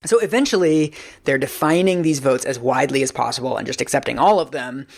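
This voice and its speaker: A man's voice: mid-range voice, a little fast, gravelly. A man co-hosting a podcast, explaining a history topic in detail in a casual, conversational way. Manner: explains at length in animated detail, laughing at the absurd parts.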